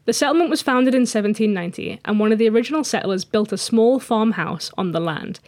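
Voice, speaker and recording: A woman co-hosting a casual podcast, playful and quick to mock outrage as she tells a story. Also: a little high, lively intonation, darkish tone, no echo. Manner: playful, indignant, giggly. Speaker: podcast co-host. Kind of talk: casual chat, reading a story.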